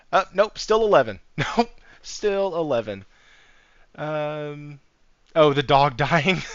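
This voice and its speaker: A man's voice: mid-range voice, fairly bright tone, no room sound. Male streamer in casual talk, meandering and chuckling, dry and slightly muffled audio. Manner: rambling, chuckles often, reads chat aloud. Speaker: gaming livestream host. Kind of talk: casual livestream chat. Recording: slightly dull, dry sound.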